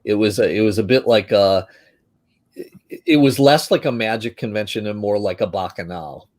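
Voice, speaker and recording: Man, low voice, casual reminiscing, often laughing, video call. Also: moderate pace, a little mellow. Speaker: guest magician. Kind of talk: casual chat.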